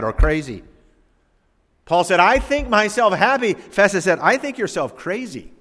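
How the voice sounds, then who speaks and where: Dramatic preacher man in a reverberant hall. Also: mid-range voice. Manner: dramatic, swings between loud emphasis and hushed asides. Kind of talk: sermon reading and expounding scripture. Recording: long reverb of a large hall.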